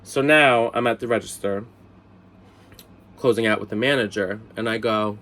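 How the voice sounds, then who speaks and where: Animated man telling a story from his bed. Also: normal speed, a little hiss or hum. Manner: animated, swoops high for quoted lines and exclamations; drops to quiet asides. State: tipsy. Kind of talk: casual storytime vlog. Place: bedroom, sitting on the bed.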